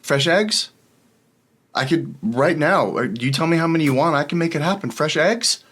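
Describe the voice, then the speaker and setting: A man's voice: normal speed, breathy edge. A man voicing a frantic male farmer who hawks eggs and then shrieks for help catching his chicken. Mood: pushy selling. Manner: panicked high shouting.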